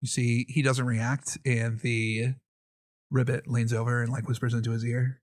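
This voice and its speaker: Game master, male; steady descriptive narration, dry close sound. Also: medium pitch, moderate pace, no room sound. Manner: descriptive, scene-setting narration.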